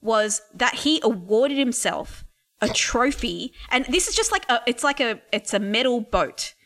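A woman's voice: a little high, animated, measured pace, a bit bright. A woman in a casual political chat, telling a story with amused laughter.

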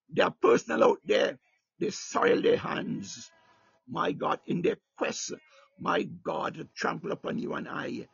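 Gravelly, husky man preaching with fervor. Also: fairly high pitch, huge pitch swings, slow pace, no room sound, lo-fi sound. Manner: fervent, repeats "my God" and "hallelujah", speaks in tongues. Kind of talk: sermon.

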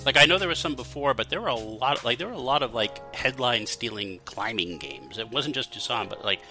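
A man's voice: medium pitch, animated, a little fast, sharp tone, soft background music. A man hosting a gaming podcast in casual chat, asking questions and talking with many likes. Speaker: podcast host.

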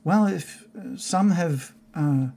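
A man voicing Darius, a calm, solemn townsman who speaks softly and haltingly. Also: on the high side, creaky, full character voice. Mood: earnest.

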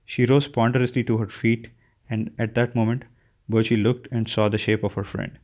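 A male narrator reading fiction aloud at an even, unhurried pace. His voice sits in an ordinary middle range. He occasionally trips and restarts a phrase. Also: medium pitch. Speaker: audiobook narrator. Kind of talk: scripted narration.

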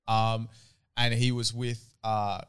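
A man's voice: on the low side, flat delivery, takes it slowly, a bit bright, smooth. A man, co-hosting a podcast and telling a story in casual chat with lots of swearing. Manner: swears freely, laughs, acts out voices in stories. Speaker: podcast co-host.

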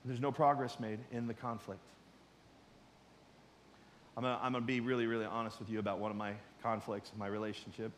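A middle-aged man preaching a sermon in a conversational way, swinging from loud emphasis to quiet asides. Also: lowish voice, little pitch movement, fairly quick, long pauses, long reverb tail, slight background noise. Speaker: pastor.

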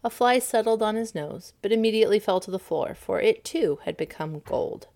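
Expressive woman reading a storybook. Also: mid-range voice, normal speed. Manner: expressive, gently paced. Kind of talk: storybook read-aloud narration.

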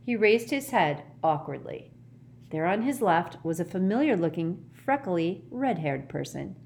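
Expressive woman reading a storybook. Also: fairly low pitch, measured pace, creaky. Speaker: audiobook reader. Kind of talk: storybook narration.

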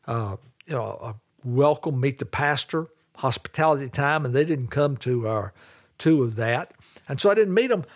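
A middle-aged preacher from the American South tells homespun stories from the pulpit. His voice sits a little high and swings widely in pitch. He slips into the voices of the people he quotes. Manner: folksy anecdotal storytelling, acts out quoted voices. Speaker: pastor. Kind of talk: storytelling sermon.

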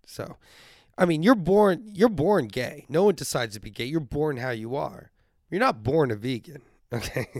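Podcast host, young man, sick and congested, profane rambling comic monologue, slightly high voice, dry close sound. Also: animated, normal speed, darkish tone, dry recording. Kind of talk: casual comedic monologue.

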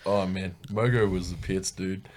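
Deep-voiced laid-back Australian man. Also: steady tone, measured pace, darkish tone. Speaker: podcast co-host. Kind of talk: casual chat.

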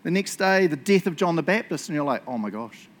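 A man preaching a casual sermon, telling stories in an excitable, chatty way and laughing along. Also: high-pitched, fast talker.

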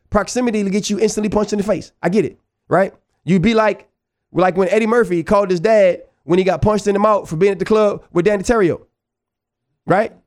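A man from New Orleans with a New Orleans accent, hosting a show and telling a long story in a casual, animated, digressive way, often checking in with "right?". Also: high voice. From New Orleans, USA. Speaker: podcast host.

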